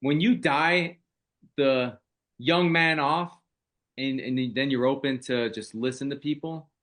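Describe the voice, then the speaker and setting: A man co-hosting a casual podcast, speaking haltingly, repeating his words and swearing. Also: mid-range voice, a bit bright.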